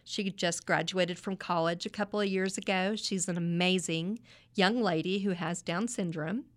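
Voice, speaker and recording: A middle-aged woman, a podcast guest, telling a family story in a lively way. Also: lowish voice, normal speed. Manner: animated storyteller, acts out quoted voices. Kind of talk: conversational storytelling interview.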